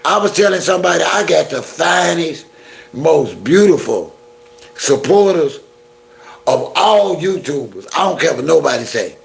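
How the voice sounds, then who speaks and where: Gravelly high-voiced man ranting on a live stream. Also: very animated, measured pace. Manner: playful flirting banter with viewers; blunt, exasperated ranting. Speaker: YouTube live-stream host. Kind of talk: casual live-stream chat with viewers.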